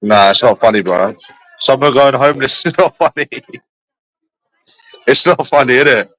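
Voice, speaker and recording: A man's voice: medium pitch, moderate pace, a bit bright, dry recording, rough recording. A young man, chatting casually with friends in repetitive, laughing, slangy banter. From London. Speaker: streamer.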